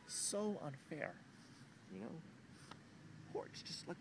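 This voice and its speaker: A man's voice: a little high, expressive, slow, long pauses, a little hiss or hum. A young man venting to camera in an emotional personal rant, agitated and swearing, rambling with frequent restarts, recorded outdoors.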